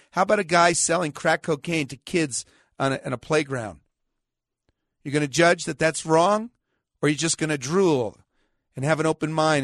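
Combative pastor, a man with a higher voice. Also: no room sound, studio quality. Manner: combative, sarcastic, fires rhetorical questions; slows down and stresses scripture quotes. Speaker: pastor and radio show host. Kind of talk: argumentative radio preaching.

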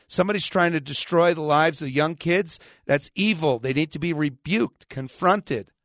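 A man's voice: on the high side, moderate pace, hardly any pauses, fairly bright tone, no echo, studio quality. A man, a pastor hosting a radio talk show, preaching in a combative, sarcastic way and quoting scripture with emphatic repetition.

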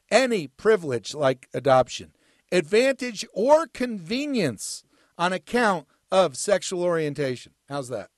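Radio talk show guy ranting emphatically, a bit high voiced, dry close studio mic. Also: no echo. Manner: emphatic, reads legal text aloud with mounting insistence. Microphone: studio broadcast microphone.

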